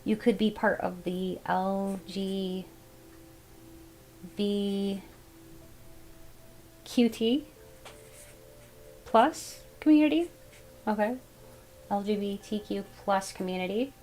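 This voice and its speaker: A woman giving a casual tarot reading, thinking aloud as she goes in a musing, unhurried way. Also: mid-range voice, rough recording. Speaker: tarot reader.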